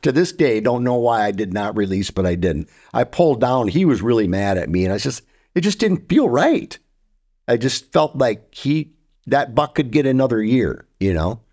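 With a medium-pitched, sing-song, slightly dark voice at a moderate pace, a podcast co-host tells hunting stories very animatedly, mimicking deer calls and grunts.

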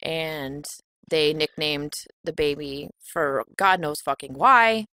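A woman's voice: low voice, slow, pushed and bright, no room sound. Foul-mouthed, blunt female co-host. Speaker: podcast co-host. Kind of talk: casual chat.

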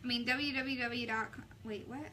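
A young woman talks through a makeup tutorial in a chatty, sassy way, full of quick asides. Her voice sits high and sounds bright and a little sharp, with faint ambient hiss behind her. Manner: chatty, sassy, animated retelling. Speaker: makeup vlogger. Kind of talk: casual makeup tutorial chat.

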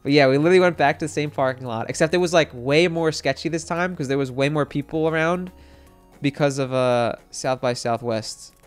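A young man telling a story to his stream chat, excitable and rambling, with lots of fillers and swearing. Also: fairly high pitch, brisk, clean tone, faint music behind.

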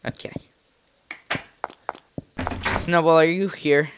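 A man drawls through a video game at an unhurried pace, tossing out silly jokes and asides to himself. His voice sits slightly high for a man. Game music plays clearly underneath. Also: steady tone, a bit bright. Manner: playful, rambling, jokey asides. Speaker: let's play gamer. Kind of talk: casual game commentary.

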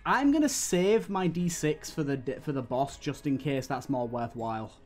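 A man's voice: mid-range voice, lively intonation, moderate pace, soft background music. A young British man streaming a game, giving exasperated running commentary full of swearing. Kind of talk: live gameplay commentary.

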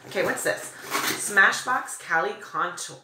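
A woman's voice: mid-range voice, expressive, measured pace, echoey room, background noise. A young woman vlogging a makeup unboxing, gushing with breathless exclamations and valley-girl fillers. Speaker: beauty vlogger. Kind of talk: excited unboxing chat.

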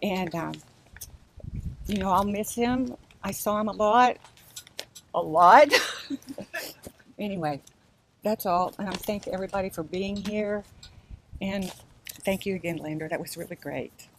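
A woman's voice: mid-range voice, a little slow, pauses often, a little hiss or hum. An older woman giving a chatty eulogy in a church, laughing as she shares stories. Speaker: family member giving a eulogy. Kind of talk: memorial speech.

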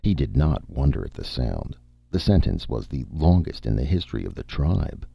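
A man narrating an audiobook in a measured storytelling read. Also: rumbling low, big pitch swings, vocal fry, slightly rough, no room sound. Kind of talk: scripted narration. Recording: dull, dry audiobook recording.

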